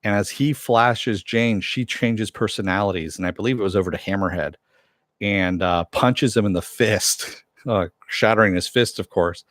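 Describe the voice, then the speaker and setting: A man's voice: lowish voice, moderate pace, fairly bright tone, dry recording, studio quality. A man casually recapping a TV episode, rambling with many fillers and self-corrections. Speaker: TV show reviewer.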